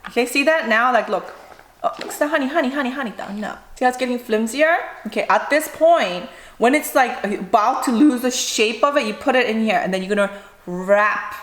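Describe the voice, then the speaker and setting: A woman's voice: on the high side, normal speed, a bit bright, reverberant. A woman chatting casually while making food at home for a mukbang vlog, rambling and joking to herself. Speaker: food vlogger. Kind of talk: casual mukbang cooking chat. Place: home kitchen.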